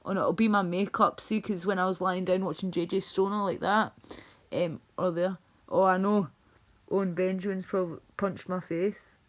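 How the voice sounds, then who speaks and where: Low-voiced woman chatting on a lo-fi stream. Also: steady tone, moderate pace. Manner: rambling, chatty, laughs often. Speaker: livestreamer. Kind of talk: casual chat, reading chat messages aloud. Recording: dull lo-fi stream audio.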